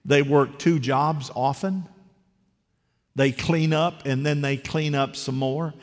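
A man's voice: fairly high pitch, fairly even intonation, slow. A man preaching a conversational, story-driven sermon who keeps asking the congregation questions. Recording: long hall reverb.

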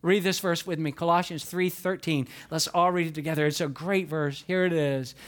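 A middle-aged male pastor preaching a sermon, telling a story with animated outbursts and dropping to hushed, earnest tones. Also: fairly high pitch, fairly quick.

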